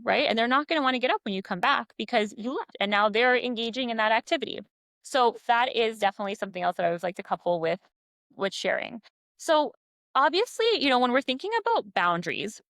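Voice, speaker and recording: Woman in her 30s, counselor type, brisk explanatory delivery, dry close-mic sound. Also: medium pitch, fairly bright tone, no room sound. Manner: brisk, explanatory, frequent "right?" tags. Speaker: child and family counselor. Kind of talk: advice talk to parents.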